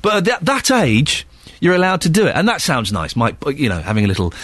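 A middle-aged man presenting a casual breakfast radio show from a studio, chatty and quick to laugh. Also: on the high side, dry recording. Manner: chatty, animated, laughs often.

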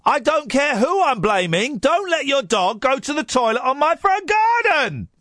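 A man's voice: extremely high pitch, very animated, normal speed, fairly bright tone, dry recording, studio quality, voice pushed up, exaggerated voice. A man putting on the voice of an indignant elderly woman neighbour, scolding shrilly.

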